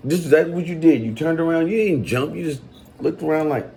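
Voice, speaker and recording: A man's voice: on the high side, fairly quick, slight background noise, poor audio. A man in casual conversation who challenges his guest bluntly and acts out people's reactions. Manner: blunt, animated, acts out reactions in quoted voices.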